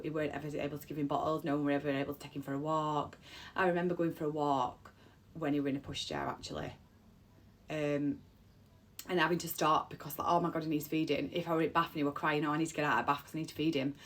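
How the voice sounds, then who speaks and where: A woman, an emotional mother of three telling a personal story, close to tears and repeating herself. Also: low voice. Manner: heartfelt, rambling, repeats phrases. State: on the verge of tears.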